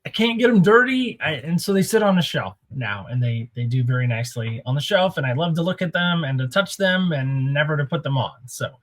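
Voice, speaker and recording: A man's voice: mid-range voice, fairly quick, hardly any pauses. A man hosting a casual countdown vlog from a small home studio, playfully building suspense before each reveal. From Oregon. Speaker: host of a sneaker countdown show.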